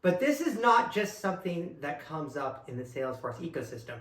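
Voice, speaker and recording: A man co-hosting a casual talk about work boundaries, animated and acting out what others say. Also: fairly high pitch, fairly quick, far from the mic. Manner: animated, acts out quoted lines. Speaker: co-host. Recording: echoey room.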